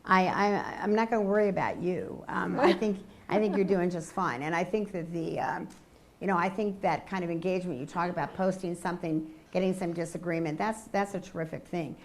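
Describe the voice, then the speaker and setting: An older woman answering audience questions at a public lecture, measured and thoughtful, often affirming with quiet yeahs. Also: fairly low pitch, steady tone. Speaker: guest lecturer.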